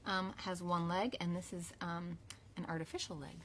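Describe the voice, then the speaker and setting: A woman's voice: on the low side, steady tone, normal speed, fairly bright tone, a little hiss or hum. A young woman who is both mother and teacher, singing songs and reading a picture book aloud to young children in an upbeat, sing-song way. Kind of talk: kids' song and read-aloud lesson.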